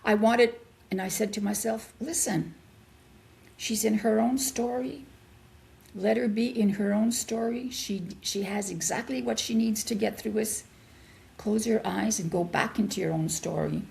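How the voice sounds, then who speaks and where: An older woman, a guest in an interview, telling a personal story in an animated way and acting out the voices she quotes. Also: medium pitch, unhurried, vocal fry.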